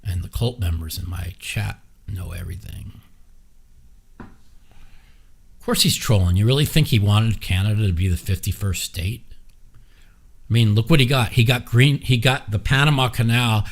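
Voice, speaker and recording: A man's voice: fairly low pitch, moderate pace, pauses often. A man hosting his own podcast, giving blunt, profane, rambling opinions in a casual chat. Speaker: podcast host. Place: streaming with a live chat.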